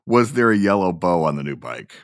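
A man hosting a podcast interview, playful with quick reactions. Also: low-pitched, very animated. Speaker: podcast host. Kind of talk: casual interview.

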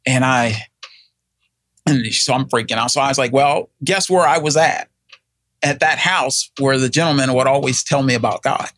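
A middle-aged guest speaks in a mid-range, somewhat bright voice at a moderate pace, with no echo. Chatting casually, he tells a personal story, rambling through many fillers and restarts and acting out what others said.

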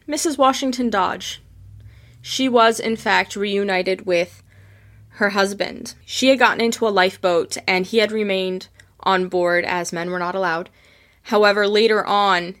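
Woman telling history stories with feeling. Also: mid-range voice. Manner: emotional, animated, acts out quoted voices. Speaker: history storyteller. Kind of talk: casual spoken history storytelling.

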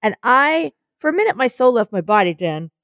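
Brief: young woman co-host, lively storyteller who acts out voices, pitched a touch high, dry close sound. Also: a little fast, dry recording. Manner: animated storyteller acting out voices, swearing. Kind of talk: casual storytelling chat.

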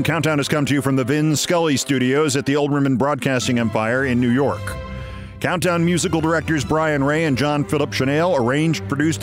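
A middle-aged male podcast host reading a story aloud in a studio, with dramatic swings in his delivery. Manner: vivid storyteller, swings his pitch for shouted quotes. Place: broadcast studio.

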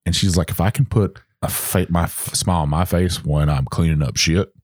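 Deep-voiced middle-aged man, dry and close, sincere and sociable guest. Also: brisk, husky, no echo. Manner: earnest, sociable, plain-spoken. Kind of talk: casual podcast chat.

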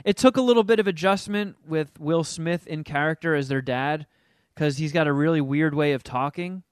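This podcast co-host speaks at a normal speed in a clear, resonant, slightly high voice while casually reviewing a film. He's animated and profane, mocking the characters' voices as he retells scenes, recorded studio-quality with no room sound.

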